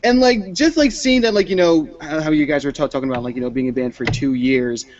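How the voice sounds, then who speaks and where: A man's voice: on the high side, fast, a crowd in the background. Joking male host, dull lo-fi sound. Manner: joking, filler-heavy. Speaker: show host. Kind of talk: casual interview chat.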